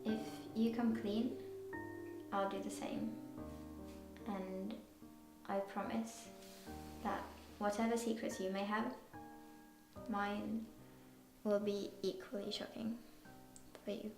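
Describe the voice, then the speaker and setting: A woman's voice: medium pitch, level tone, slow, pauses often. An earnest pregnant girlfriend. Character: pregnant young woman, earnest and secretive. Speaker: film character. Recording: echoey room, distant mic, guitar music.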